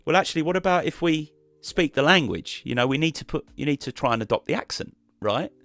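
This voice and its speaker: A man's voice: on the high side, fast talker, few pauses, fairly bright tone, no room sound, soft background music. A man chatting casually as a guest on a live stream, rambling and restarting his sentences.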